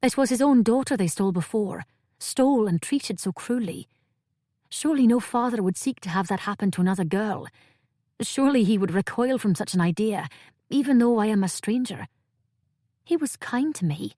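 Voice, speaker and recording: A woman's voice: mid-range voice, lively intonation, moderate pace, dark tone, no echo, clean studio sound, pitched above the performer's own voice, close to an everyday voice. A woman voicing an anxious, earnest fair-haired young woman in an audiobook, her lines pleading and urgent. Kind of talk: audiobook character voice.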